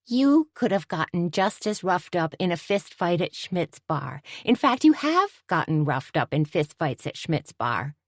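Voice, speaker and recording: A brash, sharp-tongued waitress, put on by a woman, pitched far above her own voice and loud. She sounds sassy and quick to scold. The audiobook recording is dry and close. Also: very animated, no room sound, exaggerated voice. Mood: incredulous.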